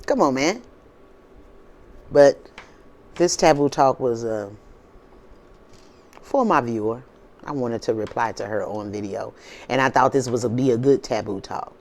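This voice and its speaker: A woman's voice: rumbling low, expressive, measured pace, pauses often, a little mellow. A woman hosting her own video channel, talking casually and preachily to viewers, repeating herself and firing off rhetorical questions in an informal, drawling way. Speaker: spiritual video host.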